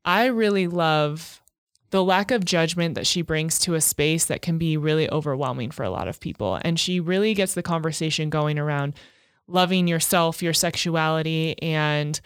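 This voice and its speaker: A woman's voice: deep voice, normal speed, clean tone, no room sound, clean studio sound. A woman co-hosting a podcast in playful casual chat, reading sponsor notes and interviewing a guest. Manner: playful, giggly banter. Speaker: podcast co-host.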